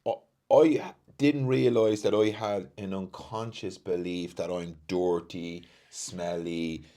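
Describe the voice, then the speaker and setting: A man's voice: low-pitched, fairly even intonation, takes it slowly, dark tone. A man hosting a casual podcast conversation, speaking earnestly and reflectively about his own patterns. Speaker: podcast host.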